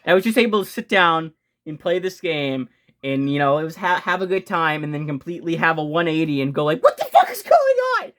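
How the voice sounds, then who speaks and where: An excitable young man with a slightly high voice runs through his favorite video games on his channel. He talks fast, gets worked up, restarts his sentences and swears casually as he gushes. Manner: fast-talking with frequent restarts. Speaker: video game channel host. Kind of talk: casual game ranking vlog.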